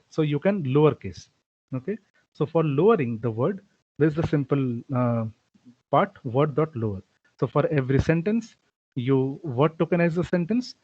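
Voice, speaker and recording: A man's voice on the higher side delivers a recorded programming lecture, walking through material step by step with frequent "okay" and "uh" fillers. The audio is dry, dull, and lo-fi, with no echo.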